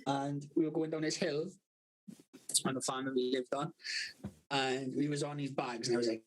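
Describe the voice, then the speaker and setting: A young man with a South Wales accent telling rough stories to friends, swearing constantly and laughing as he talks. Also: medium pitch, fairly even intonation, moderate pace. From South Wales valleys. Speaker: podcast co-host. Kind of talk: casual storytelling among friends.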